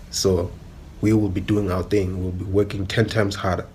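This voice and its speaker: A man's voice: sits low, little pitch movement, normal speed, darkish tone, a little hiss or hum. A young man with a South African accent, giving an emphatic opinion monologue full of repetition and rhetorical questions.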